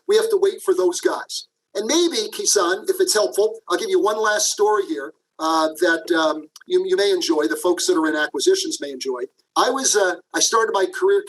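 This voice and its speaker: A man with a high-pitched voice, recorded with poor audio, is interviewed as a guest. A management professor, he tells a story about his career and often addresses the host by name.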